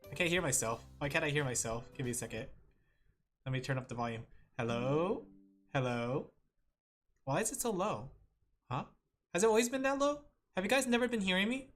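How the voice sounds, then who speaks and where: This streamer draws while rambling to viewers, often laughing and addressing the chat directly. Their mid-range voice is fairly bright, the streaming mic and headphones pick up a little hiss or hum, and faint music sits in the background.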